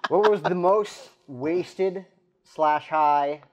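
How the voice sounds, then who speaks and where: A man's voice: on the high side, drawn-out words. A man hosting a casual interview, mostly reacting briefly and asking questions. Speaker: podcast host.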